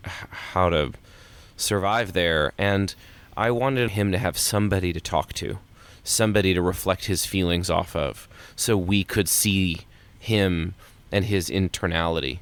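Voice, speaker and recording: A man talking as an author guest in a casual podcast interview, animated and emphatic. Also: clean tone. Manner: animated, emphatic pitch jumps.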